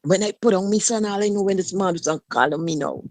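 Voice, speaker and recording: A woman's voice: medium pitch, fast, a little mellow. Emphatic woman telling her story. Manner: emphatic dialect storytelling, addresses listener directly. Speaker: guest sharing personal story. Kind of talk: personal testimony on a talk show.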